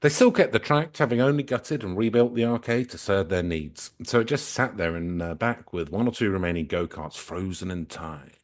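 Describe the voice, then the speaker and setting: A man co-hosting a comedy podcast, reading a story aloud and joking in a playful, deadpan way. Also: low voice, normal speed, hardly any pauses. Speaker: podcast co-host.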